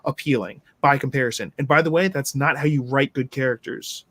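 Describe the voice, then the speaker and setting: A man's voice: mid-range voice, fairly quick, a bit bright. A man in a casual movie-review chat, ranting with passion and acting out the people he quotes. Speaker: podcast co-host.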